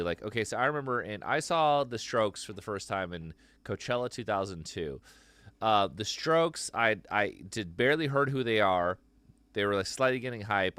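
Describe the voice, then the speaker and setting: Low-voiced dude hosting his stream, swears a lot, rambles, super dry mic. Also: fairly bright tone, clear, resonant tone, no room sound. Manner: loose, profane, rambling. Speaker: host taking live calls. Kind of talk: casual live-stream chat.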